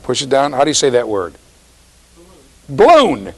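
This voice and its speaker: A man's voice: medium pitch, quick pace, gravelly, rough recording. A man giving a university classroom lecture, teasing students and checking in with "right?".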